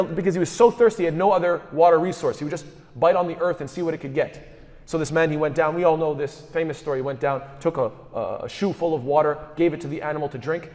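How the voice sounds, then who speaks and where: A man's voice: high voice, in a large hall. A man delivering a sermon, asking rhetorical questions and quoting scripture in Arabic. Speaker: speaker at a mosque.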